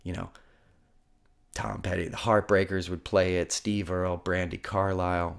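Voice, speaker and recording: A man in his fifties hosting a podcast, telling rambling, heartfelt stories from home with many restarts and digressions. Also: sits low. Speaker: podcast host. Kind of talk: casual storytelling monologue. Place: home room.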